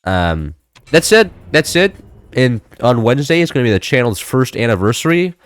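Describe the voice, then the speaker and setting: A man's voice: mid-range voice, moderate pace, no room sound, clean studio sound. A young man chatting casually as a gaming creator, rambling with many fillers and restarts. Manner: rambling, filler-heavy, animated. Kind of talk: casual chat.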